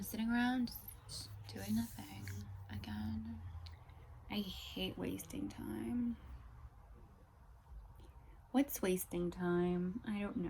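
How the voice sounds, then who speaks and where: A woman's voice: mid-range voice, fairly even intonation, takes it slowly, creaky, long pauses, darkish tone, a little hiss or hum. A young woman vlogger ranting to camera in an exasperated way, swearing and at times dropping into whispers.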